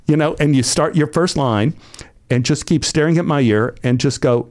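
Older man telling lively anecdotes. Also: medium pitch, brisk. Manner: animated, acts out quoted voices. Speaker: actor guest. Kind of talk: anecdotal storytelling.

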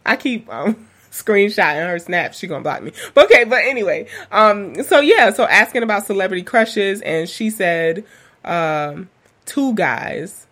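A woman's voice: medium pitch, fairly bright tone. A young woman hosting a casual podcast monologue, rambling and candid, swearing freely and laughing as she tells her story. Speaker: podcast host.

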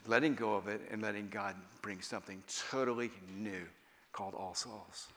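A man preaching a sermon at a conference, animated, moving between loud emphatic passages and hushed, quiet ones. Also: on the low side, moderate pace. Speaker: guest speaker. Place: church hall at a conference. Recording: long reverb of a large hall.

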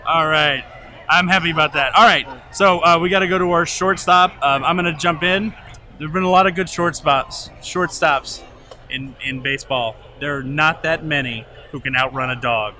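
Bright-voiced man, easygoing. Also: a little high, normal speed, slight background noise. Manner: easygoing, steers the segments, laughs along. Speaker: podcast co-host. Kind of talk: casual chat, reviewing and drafting. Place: comic convention, recorded live.

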